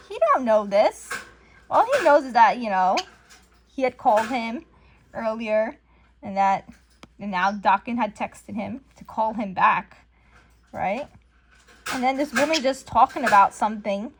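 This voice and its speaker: A woman casually recapping and commenting on a comic book from home, chatty and animated with lots of fillers. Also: a little high, noisy background. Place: home room with a pet bird.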